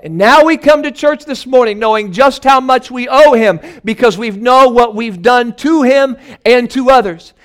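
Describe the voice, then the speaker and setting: A male pastor preaching in church, with a high, smooth and resonant voice. He tells stories and rises into emphatic passages. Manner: storytelling, building to emphatic passages. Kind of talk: sermon.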